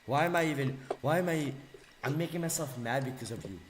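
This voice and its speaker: A young man ranting angrily on video, mocking and insulting, swinging between low mutters and loud yells. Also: lively intonation, fairly quick, noisy background. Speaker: video ranter. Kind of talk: angry rant video. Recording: echoey room.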